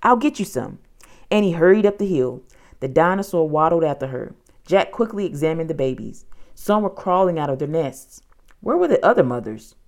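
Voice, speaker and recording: A woman narrating a children's storybook in an expressive, dramatic way. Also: low voice, brisk.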